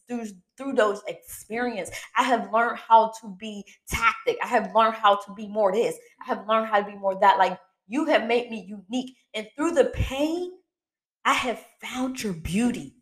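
Animated woman preaching in an echoey room. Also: medium pitch. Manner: animated, repeats herself, asks "okay?" often; slangy, down-to-earth. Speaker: host of a small ministry podcast. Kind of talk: casual preaching chat.

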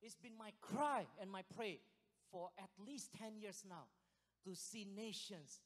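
A high-pitched man preaching with restless excitement, swinging from hushed lines to shouted peaks and laughing along the way. He sounds a little out of breath as he goes. His voice rings through a church hall with a long reverb tail. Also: measured pace. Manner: excitable, animated, loud bursts and laughs. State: sweating, short of breath at times. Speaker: pastor. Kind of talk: sermon.

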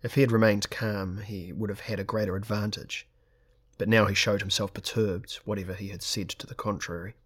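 A man narrates an audiobook with a steady, measured delivery. His voice is husky and sits fairly low. The reading is scripted and even.

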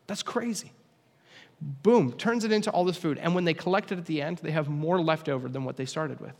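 A man's voice: on the high side, brisk, darkish tone. A young man preaching a casual, conversational sermon with humorous asides. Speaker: pastor. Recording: long hall reverb.

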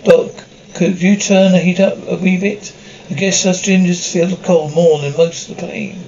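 A sore ginger patient. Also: male voice, sits high, fairly even intonation, moderate pace, darkish tone, roomy sound, dull audio, a little hiss or hum. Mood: wry. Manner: plaintive, putting on a brave face. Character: sore scorched ginger male patient, stoic.

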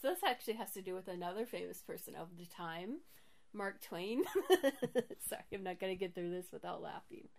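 A woman's voice: lowish voice, normal speed, vocal fry, darkish tone. A woman co-hosting a casual podcast chat, laughing often as she shares facts. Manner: giggly, laughs often while reading out facts. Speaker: podcast co-host.

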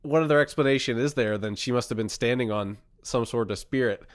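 A young man on a remote call, a podcast co-host telling a personal ghost story in a casual, animated way. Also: medium pitch, brisk, dry recording, clean studio sound. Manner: animated storyteller, acts out voices in quotes.

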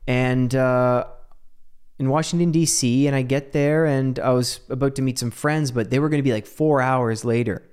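A man's voice: mid-range voice, fairly even intonation, normal speed, a little mellow, clean tone. A man hosting a solo podcast, talking casually in a rambling, self-mocking, jokey way with frequent laughs. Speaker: podcast host.

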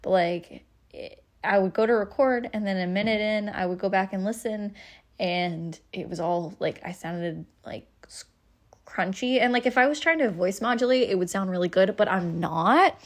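Woman, podcast host, casual solo chat, frustrated, on the verge of tears, rambling, self-deprecating, iPhone recording, mid-pitched voice. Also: moderate pace. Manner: rambling, self-deprecating, many ums and laughs.

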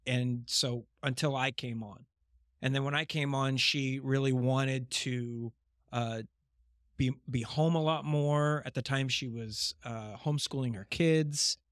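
Man, podcast guest, relaxed, hesitant, mid-range voice, dry close sound. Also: medium pitch, measured pace, no echo. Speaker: worship pastor guest. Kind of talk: casual podcast interview. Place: sitting on couches indoors. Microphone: microphone held close on mini tripod.

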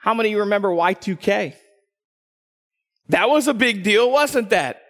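A man telling a personal story as a preacher, animated, dropping low for asides and rising when excited. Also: normal speed. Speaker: pastor. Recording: long hall reverb.

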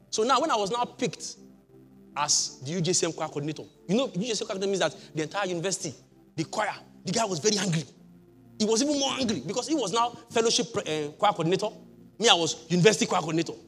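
A middle-aged pastor tells his own testimony from the pulpit in a high, ringing voice. He jumps from loud exclamations to hushed asides and laughs often. Soft music plays underneath. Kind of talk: sermon with personal testimony.

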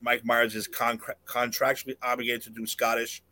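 A man's voice: medium pitch, little pitch movement, moderate pace, bright, forceful tone. A man co-hosting a podcast, chatting casually and animatedly, laughing often as he jokes. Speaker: podcast co-host. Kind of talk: casual chat.

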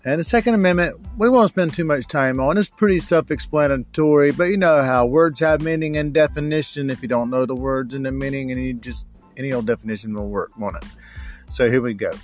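A man's voice: a little high, a little fast. Rambling slangy man with music behind. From United States. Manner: rambling, slangy, keeps saying bro. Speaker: show host. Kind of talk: casual monologue.

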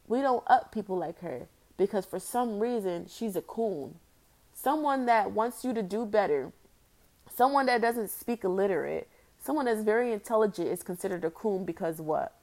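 A woman's voice: mid-range voice, darkish tone. A young woman vlogging an opinion rant, blunt and exasperated, firing off rhetorical questions. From United States.

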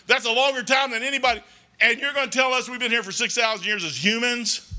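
High, bright-voiced preacher. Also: male voice, quick pace. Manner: rambling, conversational, emphatic. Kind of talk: folksy sermon. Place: church.

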